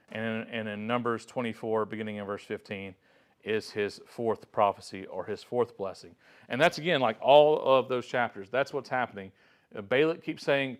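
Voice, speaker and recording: Man teaching an informal Bible lesson. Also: medium pitch. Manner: conversational storytelling, acting out quotes.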